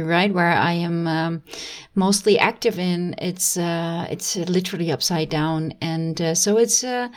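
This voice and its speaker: A woman from the Netherlands, a guest on a podcast, talking in a halting, thoughtful way. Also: fairly low pitch. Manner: halting, thoughtful, laughs easily. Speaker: podcast guest, DJ and music journalist. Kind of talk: casual interview chat.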